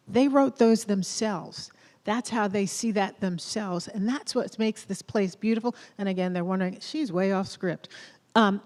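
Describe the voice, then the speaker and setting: A woman with a Southern accent speaks at a lectern in a large theater, and her voice rings with long reverb. She talks in a loose, chatty way, encouraging the crowd, and she builds to loud rallying questions. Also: mid-range voice. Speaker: college president. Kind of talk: off-script welcome speech.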